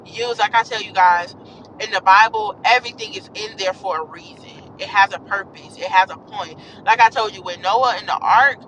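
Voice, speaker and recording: Bright-voiced woman preaching from a car. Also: medium pitch, a little hiss or hum, rough recording. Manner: earnest, encouraging, rambling. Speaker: faith vlogger. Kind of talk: casual devotional talk to viewers. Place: in a moving car.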